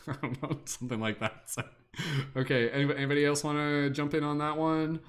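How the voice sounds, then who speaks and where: A man's voice: a little high, flat delivery, fast. Young male host, casual and rambling, lots of fillers and self-corrections. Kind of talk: casual improv game hosting.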